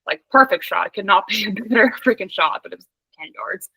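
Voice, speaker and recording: A young woman from Pennsylvania, a podcast guest, telling an animated story in casual chat, laughing often and saying "like" a lot. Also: mid-range voice, fairly quick, breathy edge, no echo, low-quality recording.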